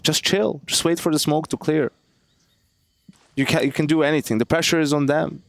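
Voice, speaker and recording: A man's voice: fairly high pitch, fairly even intonation, moderate pace, creaky, dry recording. A male esports analyst giving blunt, critical breakdowns of the play. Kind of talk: color commentary. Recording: loud game gunfire behind. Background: game gunfire.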